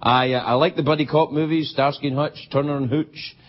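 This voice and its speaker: A man hosting a late-night talk show, delivering a playful comedy monologue that swings from shouts to mutters. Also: a little high, fairly even intonation, brisk, a little hiss or hum. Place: TV studio with live audience. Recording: dull broadcast tape with loud audience.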